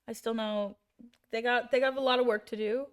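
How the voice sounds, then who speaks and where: A woman's voice: a little high, fairly even intonation, a little fast. A woman who coaches volleyball, chatting in an easygoing way with frequent fillers. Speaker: volleyball coach, podcast co-host. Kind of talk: casual chat.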